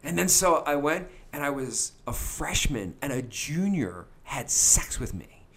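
A middle-aged man, hosting a podcast and telling crude, comic stories with lots of swearing and bursts of loud put-on voices. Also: on the high side, very animated, a little slow, husky. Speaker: podcast host. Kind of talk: crude comedic storytelling.

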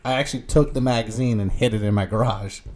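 A man in casual podcast banter, telling a story in a laid-back, drawn-out way. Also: lowish voice, steady tone, a little mellow.

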